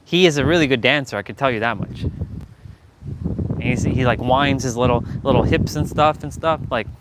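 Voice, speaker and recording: A man with a Southern American accent talks casually to his live stream chat. His voice sits at an ordinary middle pitch. He rambles playfully, answers viewers and laughs often. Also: moderate pace, background noise.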